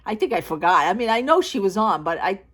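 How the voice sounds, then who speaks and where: A woman vlogger tells a story to her viewers in a loose, chatty way. She is blunt and down-to-earth and keeps quoting what her friend said. Her voice sits at a middle pitch for a woman. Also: sing-song, fast, fairly bright tone. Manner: chatty, retells conversations with constant "she says". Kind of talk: casual storytelling vlog.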